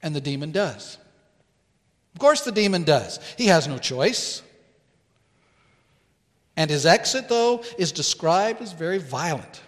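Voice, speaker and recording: A man preaching a sermon as pastor in a church, earnest and deliberate, pausing to stress key words. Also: fairly high pitch, big pitch swings, long reverb tail. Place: church sanctuary.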